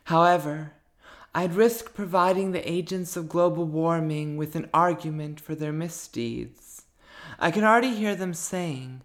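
A woman's voice: sits low, takes it slowly. A woman author talking about her writing and then reading her own prose aloud, thoughtful and searching for words.

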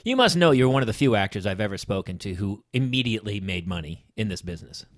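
A man hosting a podcast, asking his guest questions in quick, animated casual chat. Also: on the low side. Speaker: podcast host.

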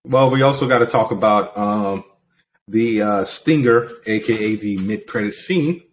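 A man's voice: on the low side, unhurried. A man co-hosting a casual podcast, rambling with lots of fillers as he retells scenes. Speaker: podcast co-host. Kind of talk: casual chat.

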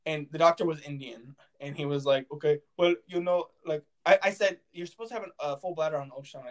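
A man's voice: fairly high pitch, fast, hardly any pauses. Giggly young man telling a story. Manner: rambling, giggly, many fillers and restarts. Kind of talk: casual storytelling chat.

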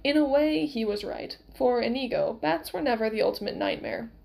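Expressive woman reader for a novel, a touch high, gravelly texture. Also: normal speed, poor audio. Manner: expressive storytelling. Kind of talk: reading a novel aloud.

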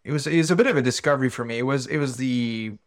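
A man's voice: medium pitch, racing. A man co-hosting a podcast in casual chat, easygoing and hesitant, swearing now and then. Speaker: podcast co-host.

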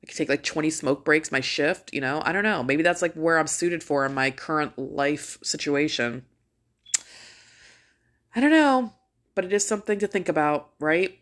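A middle-aged woman ranting casually to her viewers, blunt and full of swearing as she tells a story. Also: sits low. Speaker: vlogger.

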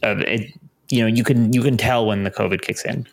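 A man's voice: fairly low pitch, fairly quick, vocal fry. A young man co-hosting a podcast, chatting casually and full of enthusiasm, with many fillers. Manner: relaxed, filler-heavy, enthusiastic about the show. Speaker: podcast co-host. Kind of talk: casual chat.

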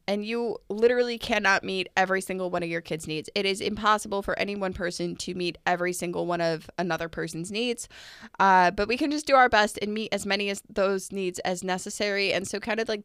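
A young adult woman co-hosting a casual podcast, talking in an earnest, reflective way and quick to laugh. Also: medium pitch, fairly bright tone, smooth, no room sound, clean studio sound. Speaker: podcast co-host.

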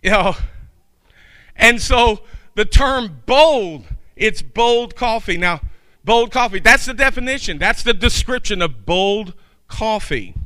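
A man's voice: sits high, expressive, slow pace, bright, forceful tone, dry recording. A man preaching a sermon in a folksy, chatty way, with asides to his congregation.

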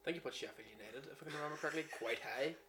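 A man's voice: a little high, racing, pushed and bright, slight background noise. A Northern Irish man in his twenties, a podcast guest chatting casually with dry, teasing humour. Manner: dry, teasing, laid-back. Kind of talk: casual chat.

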